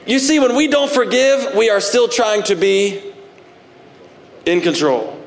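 Male pastor, high-pitched, conversational sermon with playful asides, long hall reverb. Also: a little slow. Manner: conversational preaching with acted-out asides.

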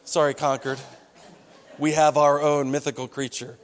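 A man's voice: fairly high pitch, level tone, normal speed. A male pastor preaching a sermon in a church hall, talking conversationally and acting out what people say. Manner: conversational preaching, acts out quoted voices.

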